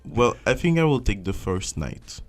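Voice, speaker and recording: A young man from France, French accent, recounting his volunteering days in a relaxed interview. His voice sits a little low, and he acts out his old thoughts with big jumps in pitch and exclamations. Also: moderate pace, soft background music. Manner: animated, acts out his own past thoughts in swooping voices. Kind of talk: casual interview storytelling.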